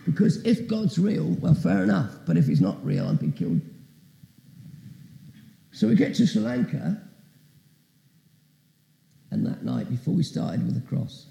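A man's voice: a little high, huge pitch swings, measured pace, creaky, long pauses, warm tone, echoey room, rough recording. A man preaching as a guest speaker, telling a story with asides and questions to the audience. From Britain. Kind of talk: testimony sermon.

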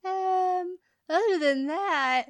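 A woman's voice: extremely high pitch, extremely slow, dry recording. A woman co-hosting a podcast, telling stories in casual chat, laughing often and swearing as she acts out the people in them. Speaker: podcast co-host.

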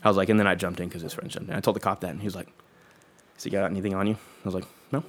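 A man's voice: sits low, steady tone, very fast, slight background noise. A young man casually telling a story, swearing freely and acting out what people said in slangy talk. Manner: profane, slangy, acts out quoted dialogue.

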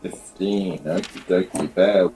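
A man's voice: low voice, fairly even intonation, takes it slowly, background noise. A man narrating as game master, rambling with lots of fillers and restarts.

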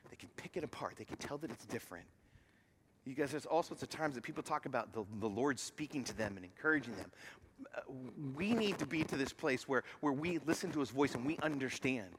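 A man preaching a sermon as pastor, moving from loud emphatic lines to hushed near-whispers and acting out voices in his stories. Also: medium pitch, lively intonation, fairly quick, a little hiss or hum. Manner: acts out quoted voices while telling a story.

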